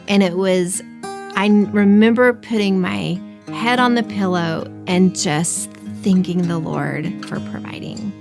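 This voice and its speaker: A woman's voice: mid-range voice, measured pace, creaky, over music. A woman telling a personal story in a casual, emotional way, full of fillers and acted-out quotes. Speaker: podcast host sharing her story.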